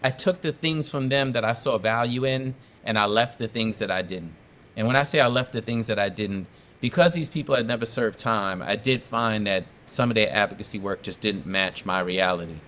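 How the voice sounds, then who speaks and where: Emphatic storytelling man, low-pitched voice. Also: moderate pace, fairly bright tone, a little hiss or hum. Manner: emphatic, repeats phrases for effect. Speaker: podcast guest, advocate. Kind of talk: casual storytelling interview.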